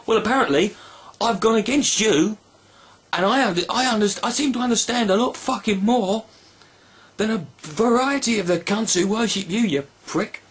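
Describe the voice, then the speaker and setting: A young man, a video blogger, delivering a sarcastic, profane rant with animated outbursts. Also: high-pitched, normal speed, breathy edge.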